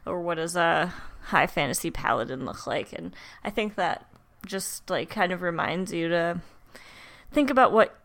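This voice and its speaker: A woman co-hosting a casual podcast chat, easygoing and quick to laugh. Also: fairly low pitch, animated, creaky, fairly bright tone.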